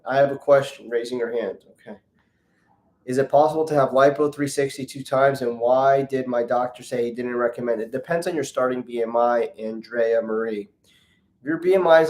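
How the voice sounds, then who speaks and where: A man's voice: medium pitch, a little mellow. A man, a plastic surgeon, hosting a casual live Q&A, reading viewer comments aloud and joking as he greets people by name. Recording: roomy echo.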